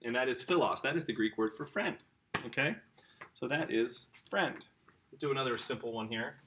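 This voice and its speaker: A man's voice: medium pitch, lively intonation, moderate pace, noisy background. A man teaching a casual lesson, talking straight to the kids and their parents with eager enthusiasm. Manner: enthusiastic, chatty, addresses the kids directly. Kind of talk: informal home-school lesson.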